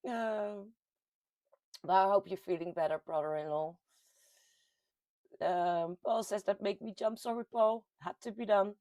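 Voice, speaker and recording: A woman from the Netherlands with a Dutch accent hosts a casual livestream, reading out viewer comments in a chatty, giggly way with sudden lively jumps in pitch. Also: unhurried, pauses often, no echo. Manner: chatty and giggly, with frequent laughs and ums. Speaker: host of a paranormal community livestream.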